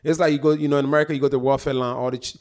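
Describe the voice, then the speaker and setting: A middle-aged Ghanaian comedian, appearing as a guest, races through profane, jokey stories in casual chat. His mid-range voice stays animated throughout.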